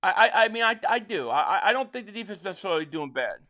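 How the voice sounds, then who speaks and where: Hosting a live football watch-along on stream, a fan from Philadelphia calls the plays with excitement and reads out chat messages from viewers. His high-pitched voice comes in rapid-fire bursts, and he stammers as he restarts.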